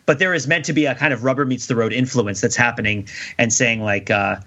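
A man's voice: medium pitch, quick pace, fairly bright tone. A man co-hosting a podcast, rambling in casual discussion with frequent restarts and laughs. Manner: rambling, self-interrupting, laughs often. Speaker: podcast co-host. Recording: dull lo-fi sound.

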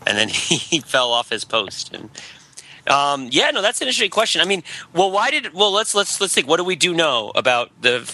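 A man with a very bright, sharp tone speaks at a middle pitch. He spins out ideas in a casual chat, scattering "like" through his sentences. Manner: speculative, fills speech with "like".

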